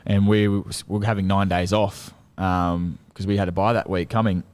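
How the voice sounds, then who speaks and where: A young Australian man with a very low voice, talking in a laid-back, slangy way. He drops swear words and fillers freely as he tells his stories to the host. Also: level tone, normal speed, darkish tone, clean tone. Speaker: guest athlete. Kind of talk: casual storytelling chat.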